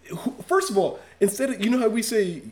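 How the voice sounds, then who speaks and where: A man's voice: high-pitched, expressive, a little fast. A man in casual podcast chat, ranting in a profane, mock-outraged way.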